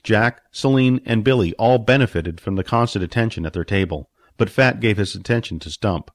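A man's voice: on the low side, fairly quick, dry recording. A man narrating a fantasy story expressively, voicing its characters. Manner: expressive, puts on character voices. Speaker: audiobook narrator.

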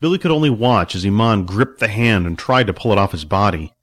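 A man's voice: on the low side, animated, brisk, soft background music. A man reading a story aloud as narrator, voicing the characters himself. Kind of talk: audiobook narration with voiced characters.

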